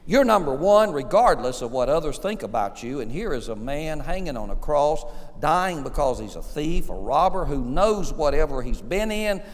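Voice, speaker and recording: A male pastor preaching a sermon, building to loud peaks and calling out for amens. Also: on the high side, sing-song, moderate pace, hardly any pauses. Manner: preaching with rising intensity, calls for amen. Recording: long reverb of a church hall.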